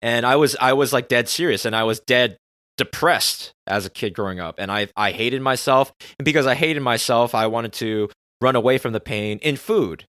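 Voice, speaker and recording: A man's voice: mid-range voice, moderate pace, a bit bright, no room sound, clean studio sound. A man hosting a podcast in a candid, confessional personal monologue, swearing freely. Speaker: podcast host.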